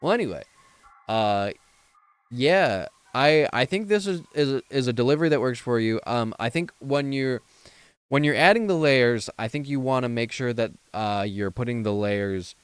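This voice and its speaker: A man's voice: mid-range voice, expressive, a little slow, clear, resonant tone, no echo. A man streaming late at night, tired and yawning, giving a viewer rambling, filler-heavy advice on mixing and flow. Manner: rambling, full of fillers and restarts, gives mixing tips. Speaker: streamer reviewing a viewer's song. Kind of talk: casual feedback chat on a livestream.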